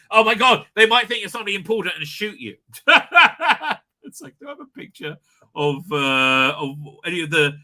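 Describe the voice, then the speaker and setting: Bright-voiced rambling man on a live stream. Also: on the high side. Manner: rambling, stammering, laughs often. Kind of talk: casual live stream chat reading comments. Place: at home.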